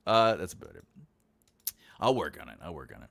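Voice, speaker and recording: A man's voice: low voice, big pitch swings, fairly quick, creaky, pushed and bright. A man from New York with a New York accent, hosting a casual livestream chat as an author and rambling through self-deprecating asides. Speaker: host, author.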